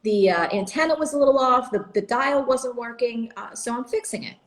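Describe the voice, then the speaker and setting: A woman voicing her tough, handy working mother, who is brisk and matter-of-fact. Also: a little high, voice pushed up, lightly acted, rough recording. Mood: unfazed. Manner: matter-of-fact, dismissive of fuss.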